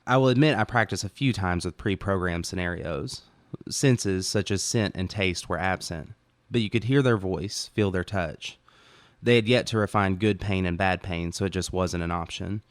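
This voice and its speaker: Man narrating audiobook, deep voice, smooth and clear, dry close mic. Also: normal speed, no room sound. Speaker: author reading own story.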